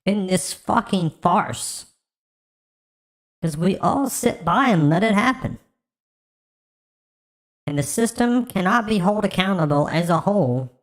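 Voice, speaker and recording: A woman streams reaction videos and speaks her mind bluntly, with plenty of swearing. Her voice sits a bit low for a woman, and her earnest, ranting delivery carries her point. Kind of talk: casual reaction stream chat.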